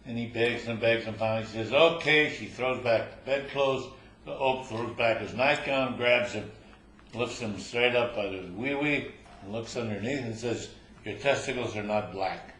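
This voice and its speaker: An older man telling jokes to a live group in a loose, relaxed storytelling way. His voice is bright and carries a roomy echo. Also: medium pitch, normal speed, a little hiss or hum. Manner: relaxed storytelling, small restarts. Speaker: joke teller. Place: room. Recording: roomy echoing room.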